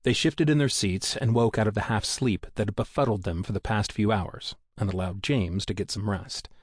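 A man reading a thriller audiobook aloud in a steady, measured storytelling manner, close to a studio mic. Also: lowish voice, slightly rough, no echo. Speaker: audiobook narrator. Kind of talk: scripted narration.

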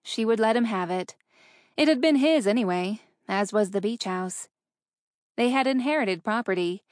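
A woman narrates a novel aloud for an audiobook, her reading steady and measured. Her voice sits at a middle pitch, and the recording is close-miked and dry.

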